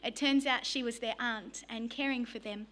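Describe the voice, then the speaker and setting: Aussie lady preaching, high voice, lively funny storytelling. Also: normal speed. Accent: Australian. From Australia. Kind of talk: sermon.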